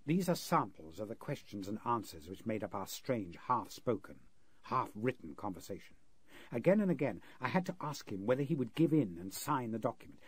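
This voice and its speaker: A man's voice: lowish voice, sing-song, a little fast, husky, no room sound. A man playing an earnest male interpreter narrating a frightening ordeal in a 1930s radio drama. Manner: earnest, vivid storytelling.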